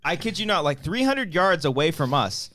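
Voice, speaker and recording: High-voiced, swearing man telling a story. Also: sing-song, moderate pace, pushed and bright, dry recording. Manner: crude, swearing anecdote-teller. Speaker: podcast co-host. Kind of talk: casual live-show storytelling.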